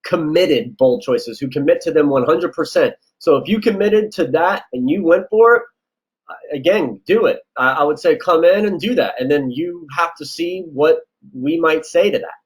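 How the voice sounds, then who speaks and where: A man with a fairly high voice gives casual advice in an interview as a casting director. He talks in a loose, conversational way, often slipping into quick back-and-forth exchanges as he tells stories. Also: husky, rough recording. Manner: relaxed, chatty, acts out quoted exchanges.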